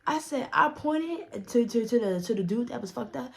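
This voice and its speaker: A woman's voice: on the high side, expressive, moderate pace, creaky. Profane, rambling young woman storyteller. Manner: profane, rambling retelling with frequent restarts. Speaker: storytime vlogger. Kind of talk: casual storytelling.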